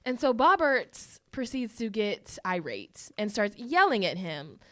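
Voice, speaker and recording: A woman co-hosting a podcast in casual chat, an animated storyteller who swears freely. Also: mid-range voice, unhurried, no echo, studio quality. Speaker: podcast co-host.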